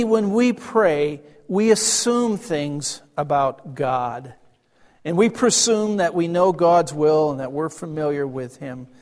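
Folksy preacher man in a reverberant hall. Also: fairly high pitch. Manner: folksy, laughing, acts out dialogue. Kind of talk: storytelling sermon.

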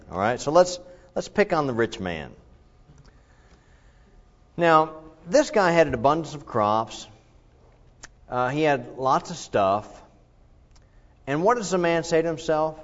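Man preaching a chatty sermon. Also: a little high. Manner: conversational, animated, asks the congregation questions. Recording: slightly dull lo-fi recording.

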